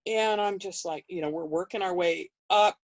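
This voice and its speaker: A woman guest in an interview, telling a story in a conversational way and acting out the quoted dialogue with big jumps in pitch. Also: moderate pace, no room sound, lo-fi sound. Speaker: interview guest recounting history.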